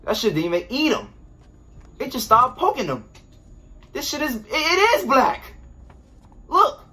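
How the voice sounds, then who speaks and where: A man's voice: extremely high pitch, very animated, a little slow, pushed and bright. A man commenting while he plays a horror game, jumpy and swearing as he talks to himself. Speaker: gamer playing a horror game. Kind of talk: let's play commentary.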